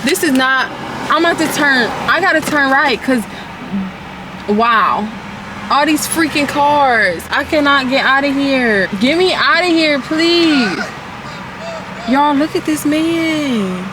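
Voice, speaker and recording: A woman vlogging casually to her phone from her car, chatty and quick to laugh. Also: high-pitched, expressive. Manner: chatty, laughs often, loose and playful. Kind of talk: casual vlog chat to camera. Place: in a car at drive-thrus. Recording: noisy car with traffic around.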